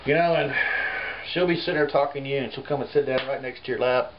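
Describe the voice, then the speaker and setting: A folk artist, rambling through a comic monologue full of "you know.". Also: male voice, medium pitch, fast talker. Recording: muffled home recording with faint hiss.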